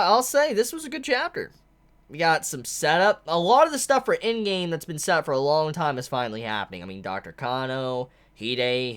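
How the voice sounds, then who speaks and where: Excitable manga fan thinking aloud. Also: mid-range voice. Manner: excitable, breaks into shouts of delight; thinks aloud, restarts sentences. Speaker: manga reviewer. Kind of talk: reacting aloud while reading a manga chapter.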